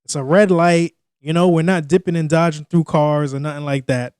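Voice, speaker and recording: Chuckling New podcast co-host. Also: male voice, on the high side, steady tone, fairly quick, darkish tone, smooth, dry recording, clean studio sound. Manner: laid-back, chuckling, slangy. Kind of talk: casual comedic storytelling.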